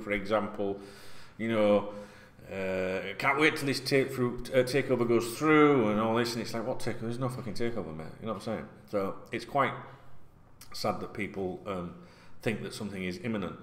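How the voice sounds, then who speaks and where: A man's voice: lowish voice, a bit bright. A man, ranting casually and bluntly to camera as a football vlogger, swearing often and rambling between topics. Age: 40s.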